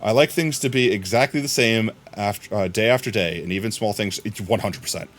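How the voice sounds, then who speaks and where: A man's voice: on the low side, brisk. A man streaming live, chatting casually in a rambling way that keeps restarting his sentences. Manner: rambling, self-interrupting talk. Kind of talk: casual chat.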